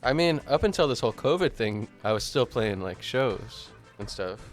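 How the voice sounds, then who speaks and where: A man hosts a live-streamed talk show, talking in a loose, rambling, friendly way at a middle pitch. Faint music plays under his voice. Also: expressive, normal speed. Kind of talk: casual chat.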